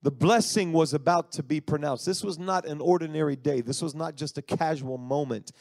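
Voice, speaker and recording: Folksy preacher retelling a story. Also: male voice, a little high, fairly quick, creaky, no room sound, clean studio sound. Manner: animated, folksy, acts out voices. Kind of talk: sermon storytelling.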